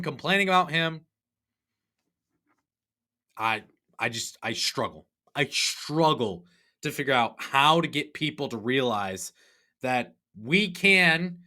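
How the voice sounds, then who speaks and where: A young man hosting a sports podcast, ranting in an animated, sarcastic, exasperated way. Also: a little high. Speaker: podcast host. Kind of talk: opinionated sports podcast rant.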